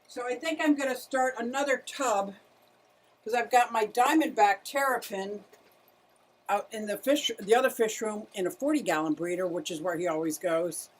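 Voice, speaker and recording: A woman's voice: mid-range voice, normal speed. Middle-aged woman, casual livestream host, chatty with her viewers and her turtles. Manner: chatty, greets viewers, talks to her animals. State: out of breath at times.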